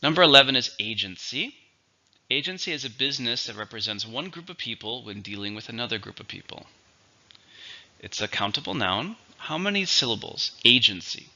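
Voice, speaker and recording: A man teaching English vocabulary in a recorded lesson, patiently repeating each word slowly for learners. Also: mid-range voice, animated, sharp tone, muffled recording.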